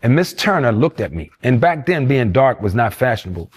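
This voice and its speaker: A man with a husky, medium-pitched voice shares youthful memories in a storytelling interview, talking a bit quickly and animatedly mimicking the people he quotes.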